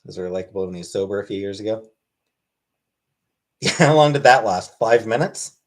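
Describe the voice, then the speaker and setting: A man chatting on a casual livestream, answering viewers' questions one by one. His delivery is dry and deadpan, but his pitch moves around a lot. He sounds offhand and wry. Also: normal speed. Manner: deadpan, wry, reads chat aloud. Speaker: livestream host.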